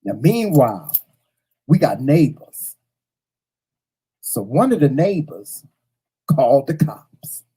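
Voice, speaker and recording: A man hosting a morning show, telling a story in an animated, profane way and repeating lines for effect. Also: mid-range voice, takes it slowly, pauses often, breathy edge, rough recording.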